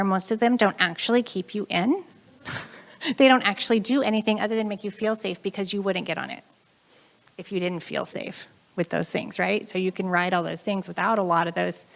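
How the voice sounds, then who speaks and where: An American woman gives a lively talk from the front of a room at a conference. She speaks in a chatty way and acts out the people in her stories as she goes. Her voice sits at a middle pitch and carries a slight gravelly edge. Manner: chatty, animated, acts out quoted voices, frequent laughs.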